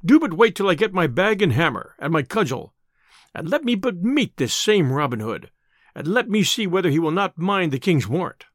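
A man's voice: high voice, very animated, moderate pace, no room sound, clean studio sound. A man reading aloud, voicing a boisterous, boastful male tinker in an audiobook tale. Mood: blustering. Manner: loud, boastful old-style speech.

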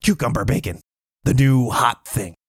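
A man's voice: medium pitch, normal speed, husky, no room sound, clean studio sound. A man playing a jealous, scheming cook who talks himself through his rivals in a rambling inner monologue. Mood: excited. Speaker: player. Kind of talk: in-character monologue for a tabletop game.

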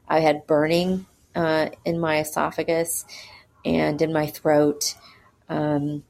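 Low-voiced woman telling a personal story. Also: darkish tone. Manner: hesitant, with frequent pauses and fillers; earnest and candid. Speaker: mother telling her birth story.

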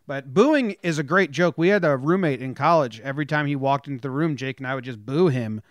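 A young man co-hosting a sports podcast, talking in a quick, opinionated, loose way. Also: mid-range voice, dry recording, studio quality. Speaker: podcast co-host. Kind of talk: casual sports podcast chat.

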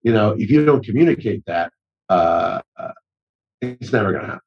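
A husky-voiced man in his forties talks loosely and at length. He trips over restarts and slips into acted-out quotes. The audio sounds a little dull and muffled. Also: lowish voice, animated, a little fast. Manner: rambling, self-interrupting with many restarts and acted-out quotes. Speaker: actor-director guest. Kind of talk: casual storytelling conversation.

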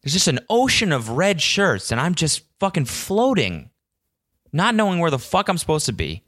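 A man's voice: on the high side, sing-song, moderate pace, fairly bright tone, dry recording, studio quality. A man hosting a solo podcast, telling a story as an exasperated rant full of swearing. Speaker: podcast host.

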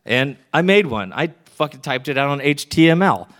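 A man's voice: fairly high pitch, big pitch swings, moderate pace, a bit bright. A middle-aged man from Texas telling a candid comic story to a live audience, landing his punchlines wryly. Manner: wry, candid, punchline-driven joke delivery.

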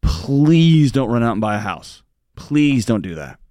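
A man's voice: mid-range voice, sing-song, a little slow, mellow, no echo. Male co-host, earnest and pleading, dry close mic, radio advice show. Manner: earnest, pleading, joking asides. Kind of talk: radio call-in advice talk.

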